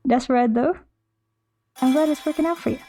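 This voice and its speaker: A woman's voice: sits high, normal speed, mellow, slightly rough, soft background music. A young woman streaming, chatting casually and playfully with her chat as she draws, rambling and restarting her sentences.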